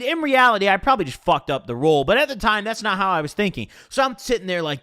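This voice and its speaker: A man casually telling a personal story in a profane, slangy, animated way. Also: high voice, a little fast, hardly any pauses.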